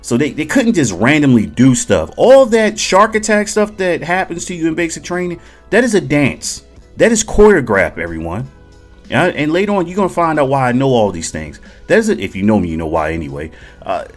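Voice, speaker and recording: A man's voice: a little high, sing-song, fairly quick, faint music behind. A man in his forties, an army veteran who tells stories on a podcast in a casual, profane, jokey way.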